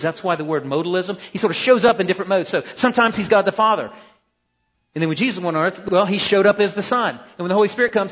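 A man teaching a Bible class, emphatic and animated, often repeating words as he restarts. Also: sits high. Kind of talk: classroom lecture. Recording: muffled, roomy lecture hall recording.

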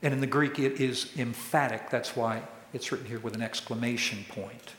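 A pastor preaching a sermon, who acts out quoted questions in a raised voice. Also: male voice, mid-range voice, fairly even intonation, normal speed, a bit bright, slight background noise. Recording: echoey hall with long reverb.

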